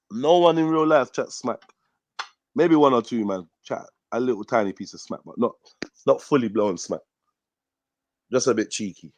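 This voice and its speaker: A man hosts a live talk stream. He speaks bluntly in street slang and swears freely. His voice sits in an ordinary middle pitch, recorded dry and close. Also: normal speed, a little mellow, no room sound. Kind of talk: casual livestream rant.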